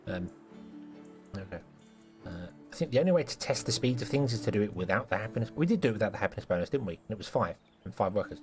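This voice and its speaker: A man's voice: lowish voice, a little mellow. A man giving casual, self-mocking commentary while live-streaming a building game, playfully scolding the characters in it.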